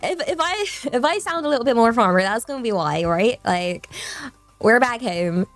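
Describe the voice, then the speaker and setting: A woman's voice: on the high side, animated, normal speed, soft background music. Bubbly southern English woman streamer. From southern England. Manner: bubbly, rambling, repeats words, giggly. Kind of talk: casual live-stream chat.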